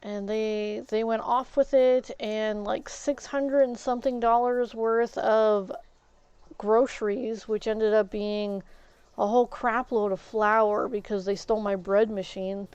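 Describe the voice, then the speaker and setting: A woman's voice: a little high, fairly even intonation, measured pace, a little mellow, clean tone, no room sound, lo-fi sound. A woman streamer venting in a casual rant, indignant and full of fillers and restarts.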